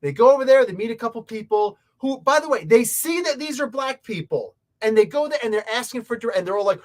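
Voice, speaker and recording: Male reviewer-host, heated rambling rant to camera, very lively pitch swings. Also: fast, hardly any pauses. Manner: heated, rambling, talks straight to viewers. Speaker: comic book reviewer.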